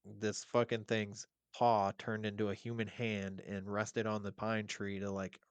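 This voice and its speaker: Male podcast guest, low pitch, loose profane storyteller, dry recording. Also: unhurried, clear, resonant tone, dry recording. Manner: animated, profane, rambling with fillers. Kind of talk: casual storytelling.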